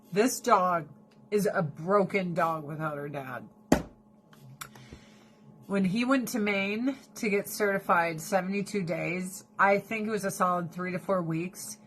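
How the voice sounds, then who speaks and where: A woman in her thirties chatting casually to her viewers, swearing freely and ranting with animated storytelling. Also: lowish voice, unhurried, slight background noise. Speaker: vlogger. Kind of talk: casual chat.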